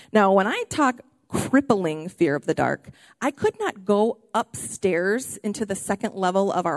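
A woman pastor preaching a sermon in a church, animated and excitable, often raising her voice. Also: fairly low pitch, dry recording, clean studio sound. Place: church auditorium.

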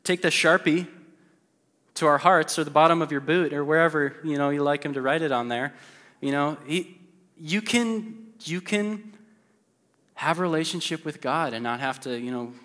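A man's voice: on the high side, fairly even intonation, fairly quick, a bit bright. A man preaching a sermon in a church, talking conversationally with many fillers, playful at times and earnest at others. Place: church sanctuary. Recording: long hall reverb with faint music.

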